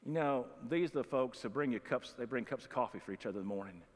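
A man's voice: medium pitch, quick pace. A man preaching a sermon as pastor, in a folksy, conversational way with humorous asides. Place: church sanctuary. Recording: long reverb of a church hall.

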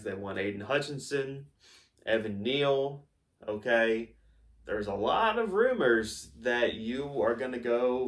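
A man's voice: medium pitch, a bit bright, recorded from a distance. A man hosting a mock sports interview, firing mock-serious, accusatory questions. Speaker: host, interviewer.

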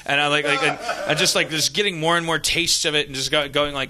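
Bright-voiced man rambling as a podcast host. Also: fairly high pitch, steady tone, fast, hardly any pauses. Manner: rambling, profane, self-mocking. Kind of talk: rambling comic monologue. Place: live show stage.

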